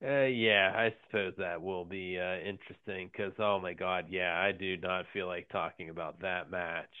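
A lower-voiced man chatting casually on a podcast, stopping and restarting often and laughing between thoughts. His voice is smooth and clean but squeezed through a narrow, phone-like line. The sound is dry, with no room around it. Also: steady tone, dry recording. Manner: halting, many fillers and restarts, laughs often. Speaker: podcast co-host. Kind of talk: casual wrestling podcast chat.

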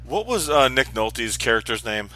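A man with a bright, forward voice chatting easily about a TV show. He laughs often and trips over his words, restarting sentences, with a lively rise and fall in pitch. Faint music sits behind him. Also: normal speed. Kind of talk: casual chat reviewing a TV show.

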